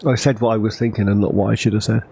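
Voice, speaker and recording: A man's voice: fairly low pitch, level tone, racing, mellow, breathy edge, rough recording. A man chatting casually as he plays a farming game, rambling and correcting himself. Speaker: gaming channel host.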